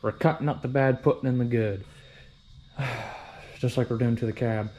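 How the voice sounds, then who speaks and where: Young guy vlogging from his workshop, dark mellow tone, loose and rambling, swears a lot, pokes fun at himself. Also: mid-range voice, fairly even intonation, moderate pace. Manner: rambling, profane, self-deprecating. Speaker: hobby vehicle restorer. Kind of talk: casual workshop vlog.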